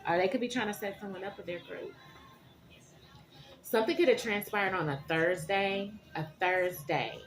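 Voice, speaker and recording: A woman giving a tarot reading to her viewers, animated and dramatic, often checking in with "okay?". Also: medium pitch, moderate pace, faint music behind. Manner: animated, keeps asking "okay?". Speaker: tarot reader.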